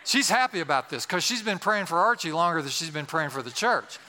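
A man's voice: fairly high pitch, expressive, brisk, sharp tone, in a large hall. An older male pastor telling a story in a sermon, with humorous, self-deprecating asides.

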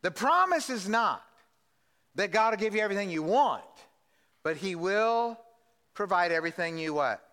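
A man preaching a sermon as pastor, animated and drawing answers from the congregation with questions. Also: high voice, normal speed, long pauses. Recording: long hall reverb.

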